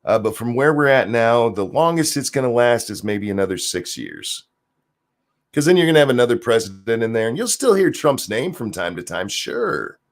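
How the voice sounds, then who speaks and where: A man's voice: medium pitch, very animated, normal speed. A man hosting a stream, ranting sarcastically and profanely as he reacts to viewer comments. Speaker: streamer host.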